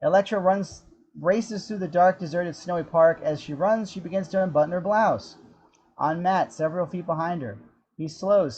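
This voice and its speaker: Guy reading out script action lines, steady, kinda muffled recording. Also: on the high side. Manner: steady, descriptive storytelling. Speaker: narrator reading action description. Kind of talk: scripted narration.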